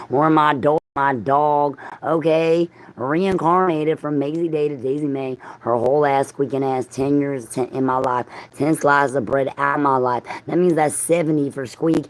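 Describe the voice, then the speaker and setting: A woman's voice: low voice, darkish tone, rough recording. A woman livestreaming a rambling, profane monologue, jumping from one thought to the next and talking straight at her viewers. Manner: profane, free-associating, talks straight at viewers.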